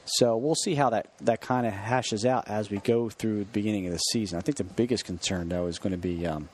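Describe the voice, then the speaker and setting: A man co-hosting a sports radio show, giving thoughtful analysis in a relaxed way. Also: fairly low pitch, fairly quick. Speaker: radio co-host.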